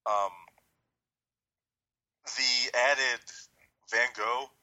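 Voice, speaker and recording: A man co-hosting a casual wrestling chat, easygoing, with quick agreeing asides. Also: medium pitch, steady tone, bright, forceful tone, lo-fi sound. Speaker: podcast co-host.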